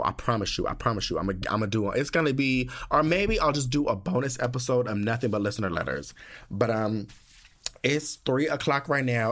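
A young man hosting his own podcast in casual solo chat, sassy and dramatic, talking loosely and jumping into high squeals when he gets emotional. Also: a bit bright. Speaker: podcast host.

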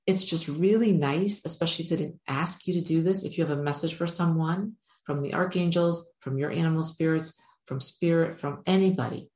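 A woman's voice: deep voice, darkish tone, roomy sound. A woman giving a casual spiritual talk as an intuitive reader, chatty and often checking in with "right?", acting out other people's reactions. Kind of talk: casual spiritual teaching monologue.

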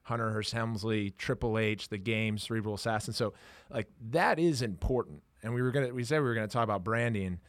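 A man with a low voice hosts an interview podcast, winding through long questions and doubling back on his own words. The sound is dry and close, with no room echo. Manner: rambling, halting with repeated words. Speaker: podcast host.

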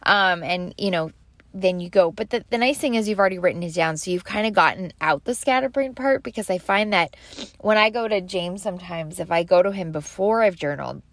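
A woman's voice: fairly low pitch, brisk, dry recording. Chatty woman in a dry close-mic recording. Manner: chatty, rambling, self-deprecating, laughs easily. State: slight allergy cough. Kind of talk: casual faith-based advice talk.

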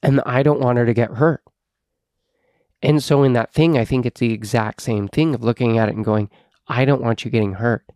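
A man's voice: medium pitch, steady tone, moderate pace, darkish tone, dry recording. Co-host, male parent, earnest and reflective, mid-range voice, dry close recording. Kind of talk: casual podcast chat.

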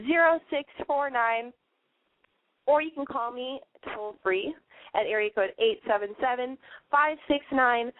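Coughing and wheezing from illness, the host of a call-in advice podcast delivers a casual monologue that is playful, brash, and full of profanity. She has a high-pitched voice. The recording is dry and narrow-band, like a phone.

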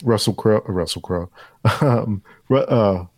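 A man's voice: lowish voice, unhurried, darkish tone, no echo. A man in casual podcast chat, hesitant and groping for words, with many ums.

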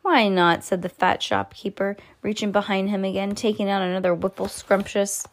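A woman reading a children's story aloud, expressive, with small slips and restarts. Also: medium pitch, fairly quick. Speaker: reader to a child.

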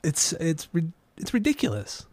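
Excitable man on a podcast, dry sound. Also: fairly high pitch, moderate pace, no room sound. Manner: excited, swearing, teasing, laughs often. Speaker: podcast co-host. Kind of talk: casual podcast chat.

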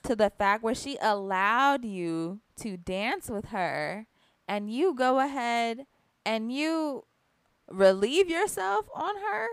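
A woman with a slightly high voice talks in casual podcast chat. She tells stories bluntly and with plenty of animation. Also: big pitch swings, slow, smooth, no echo. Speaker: podcast co-host.

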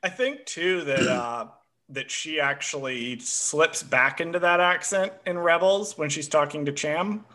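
Bright-voiced chatty man. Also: fairly high pitch, unhurried. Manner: chatty, self-described history nerd, frequent uh fillers. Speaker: podcast co-host. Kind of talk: casual chat.

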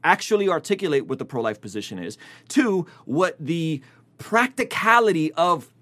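A man's voice: on the high side, sing-song, moderate pace, a bit bright. A man giving opinionated casual commentary on a video clip, talking in a reflective way.

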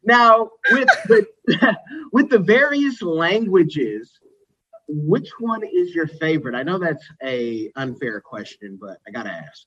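A man's voice: fairly high pitch, sing-song, takes it slowly, a bit bright, breathy edge. Easygoing man host, dull lo-fi sound. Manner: easygoing, playful, chuckles between questions. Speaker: interview host. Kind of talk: casual interview conversation. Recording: slightly dull lo-fi audio.

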